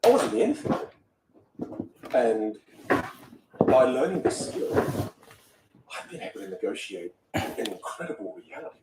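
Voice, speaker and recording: A young man, a communication coach, telling stories in an animated way during a podcast interview. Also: mid-range voice, unhurried, pauses often, reverberant, recorded from a distance, noisy background. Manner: animated, dramatic storyteller who acts out voices.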